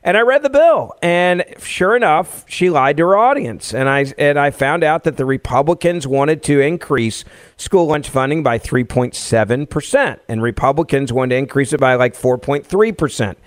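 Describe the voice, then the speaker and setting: A man in his forties from Tennessee, a radio host telling a personal story as an interview guest, lively and laughing easily. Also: a little high, moderate pace, no echo, clean studio sound.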